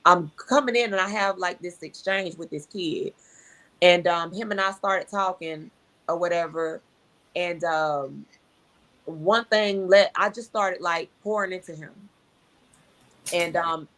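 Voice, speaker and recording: A middle-aged woman telling a personal testimony in an animated way, acting out dialogue and repeating herself. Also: lowish voice. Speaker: speaker sharing a testimony.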